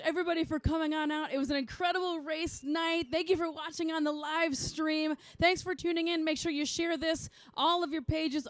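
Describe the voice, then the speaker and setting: A woman's voice: sits high, no echo. A woman announcing a race podium, bubbly and joking, laughing often as she interviews the riders.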